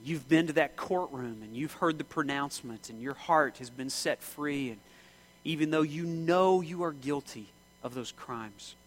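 A man preaching in church with a fairly high voice. He preaches with passion, rising to shouts and then dropping to hushed pleading. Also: moderate pace, poor audio. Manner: impassioned, swings from shouting to hushed. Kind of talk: sermon.

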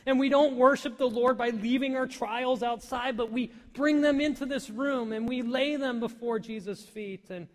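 A male pastor preaching a sermon in a church, swinging between loud emphatic peaks and soft near-whispers. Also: very high-pitched, normal speed, few pauses. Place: church hall. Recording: long hall reverb.

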